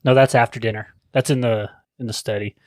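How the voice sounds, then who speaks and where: A man co-hosting a casual movie podcast, crude and joking, who keeps acting out scenes in quick little voices. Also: mid-range voice, steady tone, darkish tone, dry recording, clean studio sound. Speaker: podcast co-host. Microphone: studio microphone.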